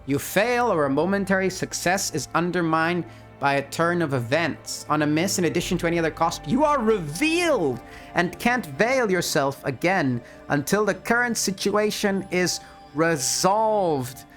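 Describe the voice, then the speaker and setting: A man narrating his solo tabletop role-playing game and reading out rules, who gets excited by dice rolls. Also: high voice, moderate pace, faint music behind. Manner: excitable, laughs at dice results.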